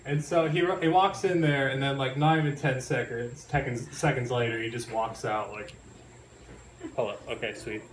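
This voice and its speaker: A man's voice: mid-range voice, steady tone, moderate pace, few pauses. A young man performing a stand-up set in a live venue, rambling, giggling and apologizing often. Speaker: stand-up comedian. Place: live comedy venue, audience in room. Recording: roomy live recording from a distance, crowd noise.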